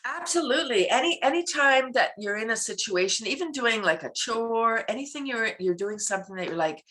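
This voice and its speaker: A middle-aged woman, a laughter club founder and guest, chatting casually in an animated way, acting out little scenes and breaking into laughter. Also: a little fast. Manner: animated, acts out scenes with sudden high-pitched voices and bursts of laughter. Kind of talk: casual interview chat.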